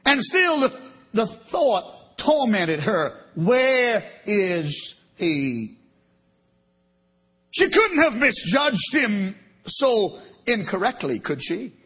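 A man preaching a sermon dramatically, rising to loud emphatic peaks and dropping to soft asides, often repeating and correcting himself. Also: very high voice, sing-song, slow, slightly rough. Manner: repeats words and corrects himself mid-sentence. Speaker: pastor. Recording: dull lo-fi recording.

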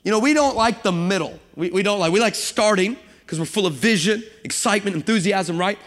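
A man preaching a sermon to a congregation, lively and humorous, building up to shouting passages. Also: sits high, a little fast. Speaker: guest preacher. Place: church sanctuary with congregation. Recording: long hall reverb.

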